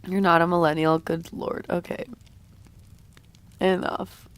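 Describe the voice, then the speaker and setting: A woman livestreams herself drawing and chats with her viewers at an unhurried, slow pace. Her voice sounds a little sick, yet it stays smooth and clean. The recording is dry and close, with no room sound. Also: on the low side, flat delivery, no echo. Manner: chatty, talks while drawing, reads and answers chat. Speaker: streamer. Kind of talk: casual drawing livestream chat.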